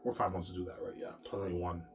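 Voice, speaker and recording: A man's voice: low-pitched, flat delivery, rapid-fire, noisy background. A man talking straight to his viewers in a rambling, repetitive rant, often swearing and circling back to the same points. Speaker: self-published author and vlogger.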